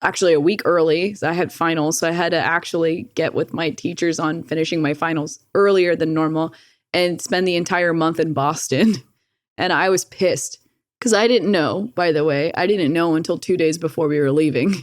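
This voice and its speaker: A woman's voice: sits low, normal speed, no echo, clean studio sound. A young woman, a podcast guest, telling a personal story in casual talk, swearing freely and laughing often.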